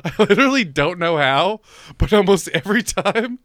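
A man's voice: high voice, lively intonation, moderate pace, fairly bright tone, no echo. Young male podcast co-host, dry sound, teasing and laughing through casual banter. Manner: teasing, laughs often, mock-exasperated.

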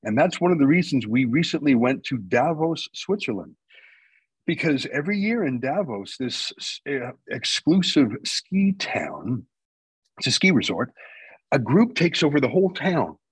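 Guest spot: husky, dry-sounding man from Canada, opinionated, presses his points hard. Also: medium pitch, no echo, rough recording. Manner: argumentative, emphatic, builds points with rhetorical questions. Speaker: guest, news company founder. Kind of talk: radio interview talk.

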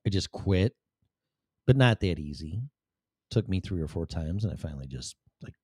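A man's voice: low voice, expressive, moderate pace, darkish tone, breathy edge, no echo, studio quality. A middle-aged man talking candidly to the camera in a blunt, rambling, profane way. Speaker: vlogger. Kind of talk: candid personal monologue.

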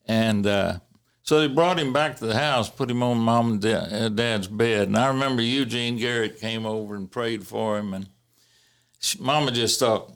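A man casually telling family stories in a halting way, with many fillers and restarts and the odd chuckle. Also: medium pitch, fairly bright tone. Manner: chuckles while recalling. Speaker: interviewee recalling family history. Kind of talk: casual storytelling.

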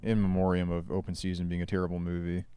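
A man on a casual podcast, making dry, deadpan remarks. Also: deep voice, quick pace, clear, resonant tone. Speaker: podcast co-host. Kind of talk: casual chat.

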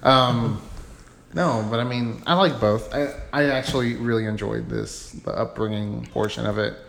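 A man co-hosting a casual movie podcast, giving relaxed, thoughtful opinions. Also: medium pitch, normal speed, vocal fry. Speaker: podcast co-host. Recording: echoey room.

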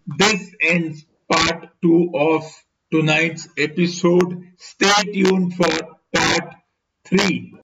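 A man hosting a podcast who reads books aloud in a slow, deliberate narrating voice. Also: a little high. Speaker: podcast host and reader. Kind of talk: book reading narration. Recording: dull lo-fi recording with steady noise.

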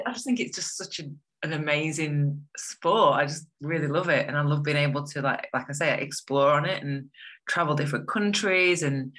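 A young woman talks in a bright, forward voice. She is chatty and enthusiastic, leaning on fillers as she speaks in a casual interview. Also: deep voice. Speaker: guest.

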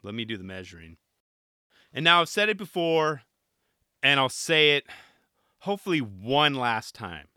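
A man's voice: mid-range voice, pushed and bright, dry recording, studio quality. A man giving casual, chatty reaction commentary, rambling along with joking asides.

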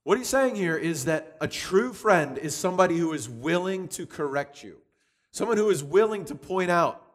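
A man giving a conversational sermon, lively and chatty, often restarting with repeated words. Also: a little high, moderate pace. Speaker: youth speaker teaching from Proverbs.

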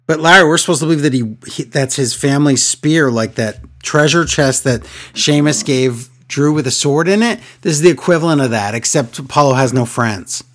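A man co-hosting a wrestling podcast in loose, casual chat. His voice sits a little high, and his tone is sarcastic. He reads listener emails aloud in a wry, joking way. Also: normal speed, few pauses, a bit bright. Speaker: podcast co-host.

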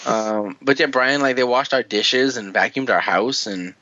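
A man's voice: medium pitch, measured pace, sharp tone, highs cut off. A man hosting a casual podcast chat, rambling, swearing and often laughing.

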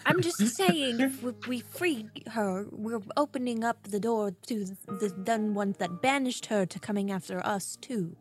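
A woman's voice: on the high side, measured pace, few pauses, music in the background. A woman playing a tabletop game who speaks in an earnest, cautious way. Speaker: player.

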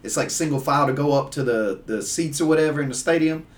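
A man telling rambling, animated stories in casual chat, full of fillers. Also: on the high side, fast, far from the mic. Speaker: guest. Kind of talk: casual storytelling.

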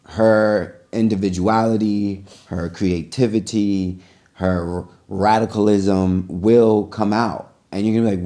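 A man co-hosting a casual podcast, interviewing his co-host in a relaxed way with easy laughs. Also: on the low side, slow.

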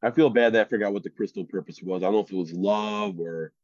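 Low-voiced rambling man, dull mic. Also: quick pace, darkish tone, no room sound. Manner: rambling storyteller, many fillers and laughs. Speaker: podcast co-host. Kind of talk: casual chat.

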